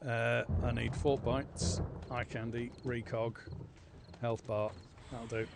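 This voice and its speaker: A man streaming a game live, chatting to his viewers, swearing freely and swinging between calm muttering and loud excitement. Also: mid-range voice, slow, creaky, background noise. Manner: excitable, swears often, chats to viewers while playing. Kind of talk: live gameplay commentary.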